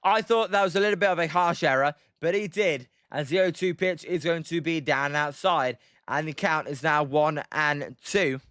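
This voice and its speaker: A young British man calls a baseball game live and keeps breaking off to answer chat by name, with plenty of ums along the way. His voice sits high and bright. The recording is clean and dry. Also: moderate pace, no room sound. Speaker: livestream baseball commentator. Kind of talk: casual play-by-play with chat replies.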